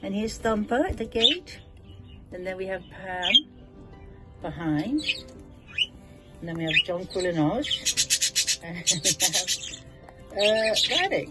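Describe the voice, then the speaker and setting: A woman vlogging in her bird aviary, coaxing and cooing at her budgies in affectionate baby talk, with soft laughs. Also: on the low side, lively intonation, a little slow, pauses often. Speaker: budgie keeper and channel host. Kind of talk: casual vlog talking to pet birds. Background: loud music and chirping budgies.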